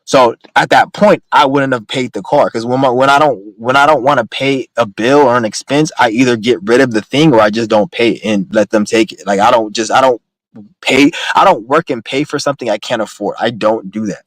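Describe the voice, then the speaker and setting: Fast-talking blunt young man ranting. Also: mid-range voice, no room sound, low-quality recording. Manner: profane, rambling, blunt. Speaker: vlogger. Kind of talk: casual rant.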